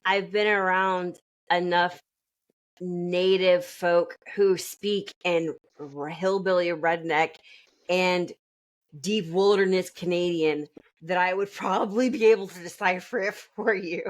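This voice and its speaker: A woman's voice: lowish voice, steady tone, slow. A woman co-hosting a podcast who teases and corrects the others in casual, profane chat. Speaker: podcast co-host.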